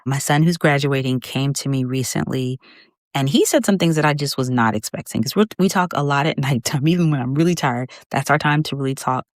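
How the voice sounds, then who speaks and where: A woman's voice: rumbling low, fairly quick, dry recording, clean studio sound. A middle-aged woman hosting a faith-based podcast, talking heartfelt and conversational to her listener, holding back tears. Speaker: podcast host.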